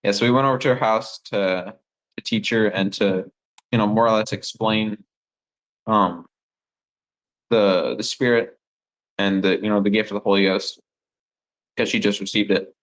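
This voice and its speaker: A young man, a missionary phoning home, telling rambling, excitable stories full of fillers. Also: fairly low pitch, normal speed, pauses often, low-quality recording. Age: young adult. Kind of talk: casual phone chat with family.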